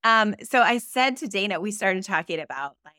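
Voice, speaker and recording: A woman's voice: medium pitch, expressive, normal speed, pushed and bright, no echo. A woman co-hosting a podcast, chatting candidly and animatedly with lots of fillers, close to the mic. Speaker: podcast co-host. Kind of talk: casual chat.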